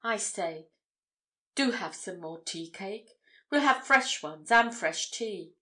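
A woman's voice: mid-range voice, lively intonation, slow, sharp tone. A woman reading the part of a blunt, eager young male journalist, hearty and emphatic in his protests.

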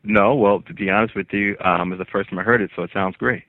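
A man from Massachusetts calls in to a radio show, easygoing and quick to joke. His very deep voice has a gravelly edge, and the line sounds muffled and lo-fi, like a phone. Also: steady tone, dry recording. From Springfield, Massachusetts. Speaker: comedian guest calling in. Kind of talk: phone-in interview.

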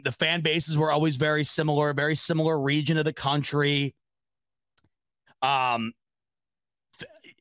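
A man's voice: a little high, a bit bright, no echo, clean studio sound. A young man from the Rochester, New York area, hosting a casual sports talk show, rambling, correcting himself and swearing freely. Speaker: sports podcast host. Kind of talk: casual chat with live chat readers.

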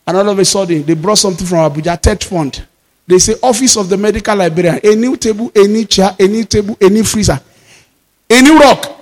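High-voiced Nigerian preacher in reverberant hall. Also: male voice. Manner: fervent preaching that rises into shouted declarations. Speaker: pastor. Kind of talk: sermon.

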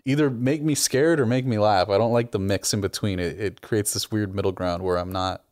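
Man, low voice, dry recording, casual chat, opinionated, animated. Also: fairly quick, no room sound. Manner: opinionated, animated, frequent restarts. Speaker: movie review podcast co-host.

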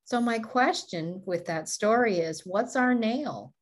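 Woman, motivational co-host, storytelling, laughs often, medium pitch. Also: normal speed, few pauses. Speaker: podcast co-host. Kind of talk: motivational talk.

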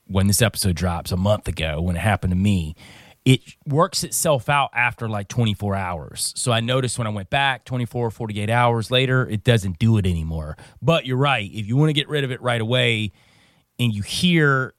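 A man's voice: lowish voice, moderate pace, a bit bright, dry recording. A man with a mid-range voice hosts a podcast, upbeat and ribbing his co-hosts in loose banter. He sits close to a dry studio mic. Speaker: podcast host.

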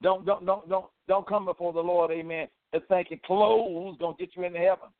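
Fervent radio preacher, tinny sound. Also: male voice, sits high, steady tone, fairly quick, no room sound. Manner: fervent preaching, frequent "amen" and "praise the Lord" interjections. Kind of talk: radio sermon.

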